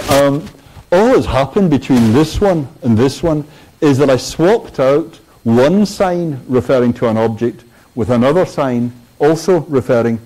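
A man's voice: medium pitch, a little mellow. A man giving a university philosophy lecture, hesitant with many fillers and dry wit, in a lecture hall.

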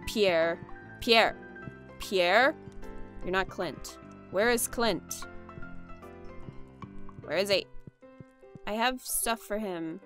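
A woman's voice: mid-range voice, extremely slow, long pauses, fairly bright tone, soft background music. A woman casually narrating her gameplay, chatting and exclaiming at the characters on screen. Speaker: let's play gamer.

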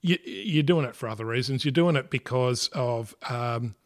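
As a guest on a relaxed interview, this retired Australian fighter pilot, an older man with a mid-range voice, shares stories in a halting way. He fills his speech with fillers and restarts, corrects himself as he rambles, and laughs a lot.

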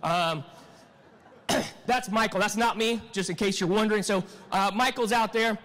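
A man in his forties, raised in California, delivers a motivational story with a fairly high voice. He acts out the dialogue and keeps firing rhetorical questions at his listeners. His voice rings with a long hall reverb. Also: normal speed, fairly bright tone. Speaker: real estate team leader giving a motivational talk.

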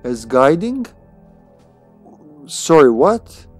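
A man's voice: on the high side, very animated, drawn-out words, a little mellow, faint music behind. A man streaming a video game, chatting casually and playfully, often laughing at himself. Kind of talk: casual gameplay commentary.

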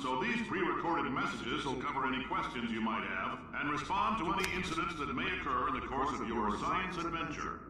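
A brash company founder in a video game, booming confident announcements at the listener like a salesman. His tone is bright and pushy, and it rings out from a distance in a very echoey space with a faint hiss of noise behind. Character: brash male company founder on recorded messages.

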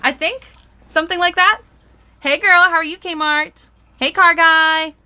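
A woman's voice: very high voice, fairly even intonation, a little slow, pushed and bright. A young woman, chatting bubbly on a live stream as she unboxes toys and greets viewers.

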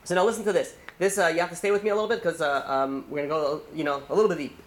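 A man, a rabbi, giving a holiday sermon, telling a story in a quick, rambling way full of restarts and fillers. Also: on the high side, fairly even intonation.

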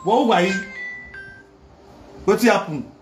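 A man with a Nigerian Pidgin English accent, talking loudly and repeating himself in a casual live video rant from his phone. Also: sits high, lively intonation, unhurried, soft background music. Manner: loud, emphatic, repetitive preaching. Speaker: social media commentator.

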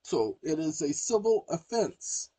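This man hosts his own channel and delivers an emphatic, preachy monologue straight to his audience. His voice is husky and sits somewhat high for a man. The sound is dry and close, with no room echo. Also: sing-song, unhurried, warm tone. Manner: emphatic and preachy, keeps addressing the audience directly. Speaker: channel host. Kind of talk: casual explanatory monologue.

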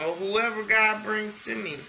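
Excited man with a gravelly, sharp voice. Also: sits high, normal speed. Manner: excited, gushing, laughs often; slangy, swears casually. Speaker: vlogger. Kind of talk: casual vlog chat to viewers.

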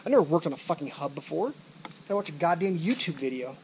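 A man's voice: fairly high pitch, lively intonation, fast talker, a little mellow, slight background noise. A man ranting to camera as a vlogger, frustrated, swearing often and repeating himself, recorded outdoors. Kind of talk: angry rant to camera. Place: outdoors by a trailer.

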